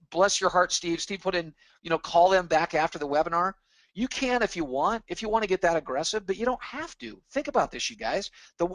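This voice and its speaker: A man's voice: high-pitched, fairly bright tone, no echo, poor audio. A man presenting a sales training webinar, pumped up and pushy, hammering his points home by repeating them.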